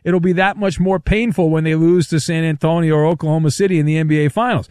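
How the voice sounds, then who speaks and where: A male radio host on a sports talk show, telling stories and trading barbs with callers in an animated, wry way. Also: a little high, quick pace, smooth, no room sound.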